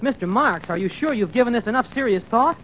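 A man's voice: very high-pitched, expressive, fast talker, a bit bright. An actor playing an earnest, eager young man who loves statistics on a 1940s radio comedy. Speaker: comic sidekick. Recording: lo-fi 1940s radio broadcast with faint hiss.

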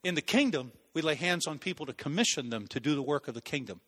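A man preaching a sermon, telling stories in an animated way and acting out voices. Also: a little high, fast talker, in a large hall. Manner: animated, acts out voices and laughs at own stories. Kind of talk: sermon with storytelling.

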